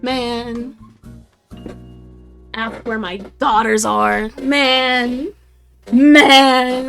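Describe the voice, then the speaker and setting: A young woman in her twenties rambles to her stream viewers at an unhurried, drawn-out pace, in a fairly high voice. She swears freely and laughs at herself as she talks. Soft music plays faintly behind her. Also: level tone, gravelly. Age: 20s. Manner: rambling, profane and self-mocking, often laughing. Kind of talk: casual chat to stream viewers.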